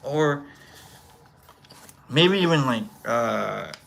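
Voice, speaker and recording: A show host telling a long, rambling story in a casual way and acting out scenes with shouts. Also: mid-range voice, lively intonation, extremely slow, vocal fry, slight background noise.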